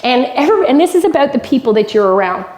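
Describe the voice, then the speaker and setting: A woman's voice: high voice, sing-song, fast, darkish tone, echoey room, slight background noise. A woman from Canada giving a motivational keynote, telling a personal story with emphatic repetition. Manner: emphatic storytelling, repeats lines for effect. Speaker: keynote speaker. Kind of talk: motivational speech. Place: golf club event hall.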